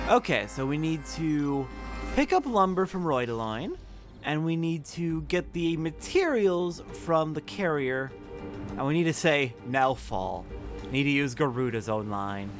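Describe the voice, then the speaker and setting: A man chatting through a video game with wry, joking asides, his pitch lively and animated. Faint game music runs underneath his voice. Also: a little slow. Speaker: let's play host. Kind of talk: casual gameplay commentary.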